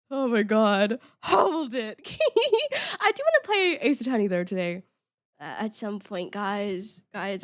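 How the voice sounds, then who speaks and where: A woman's voice: sits high, fairly bright tone. A young woman streaming live, chatting playfully with her viewers and laughing often. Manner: giggly, playful, chatty with chat. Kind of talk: casual live-stream chat.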